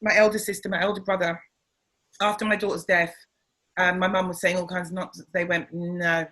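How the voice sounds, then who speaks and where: This middle-aged comedian, appearing as an interview guest, tells family stories casually and with lots of animation, imitating the voices of the people she quotes. Her voice is lowish and her pace fairly quick, captured on a rough recording.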